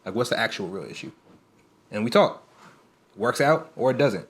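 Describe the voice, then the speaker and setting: A man co-hosting a podcast, joking around in casual chat and talking in quick bursts. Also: mid-range voice, animated. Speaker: podcast co-host.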